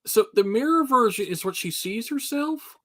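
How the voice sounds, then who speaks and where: A man with a Southern US accent co-hosting a stream, swearing freely and telling animated stories in casual chat. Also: extremely high pitch, normal speed. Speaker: stream co-host.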